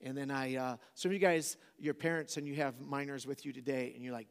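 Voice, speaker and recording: A man's voice: mid-range voice, fairly even intonation, brisk, few pauses, long reverb tail. A man in his forties, a preacher telling a funny personal story to a live audience, casual and joking, often asking the crowd questions.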